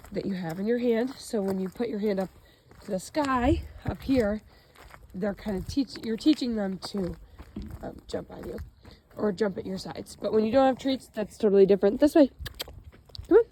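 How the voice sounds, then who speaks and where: Slightly hoarse woman dog trainer. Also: mid-range voice, a little hiss or hum, rough recording. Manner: calm instructive talk with quick dog commands and praise. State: slightly hoarse, losing her voice. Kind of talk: instructional dog training demo. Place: outdoors, chilly.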